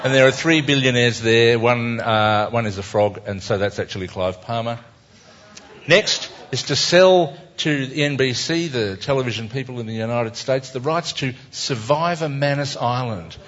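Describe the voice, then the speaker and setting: Here the same kind of speaker, an Australian cartoonist, chats wryly and self-mockingly to an audience about his cartoons in a casual live talk. His medium-pitched voice moves at a moderate pace with a slightly bright edge, heard through dull lo-fi audio.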